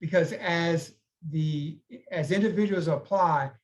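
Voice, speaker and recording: Higher-voiced man giving career advice. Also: slow pace, poor audio. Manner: conversational, advising with frequent "okay?" check-ins. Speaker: recruiter. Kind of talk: career advice talk on a panel.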